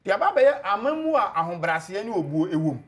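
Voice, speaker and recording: A man's voice: high voice, very animated, fast, fairly bright tone. A man with a Ghanaian accent, a TV panelist defending a government record point by point. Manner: lays out points one by one, assured. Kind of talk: political debate on TV, mixing Twi and English.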